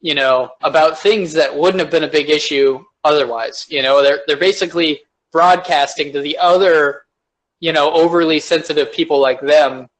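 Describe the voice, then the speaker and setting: A man's voice: a little high, moderate pace, low-quality recording. A man co-hosting a podcast in casual, rambling chat. He swears and laughs often. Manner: rambling, profane, laughs a lot. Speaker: podcast co-host.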